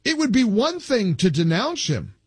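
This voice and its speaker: A man's voice: high voice, big pitch swings, moderate pace, husky, dry recording. A male talk show host giving emphatic opinion commentary, reading from articles and building into indignant outbursts.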